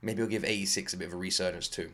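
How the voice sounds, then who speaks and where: A man hosting an anime reaction video, talking in a rambling, excitable way, swearing freely and fighting off a lingering cough. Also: low-pitched, rapid-fire. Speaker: anime reaction channel host. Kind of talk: casual reaction commentary.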